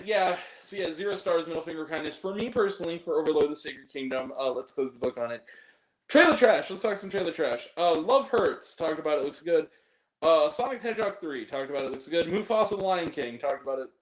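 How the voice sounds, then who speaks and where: A young man talks straight to camera in a loose, rambling review, blunt and quick to apologize. His voice sits a little high, and the room around him rings with echo. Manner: blunt, rambling, self-deprecating. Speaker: movie reviewer. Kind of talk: casual video review. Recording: echoey room.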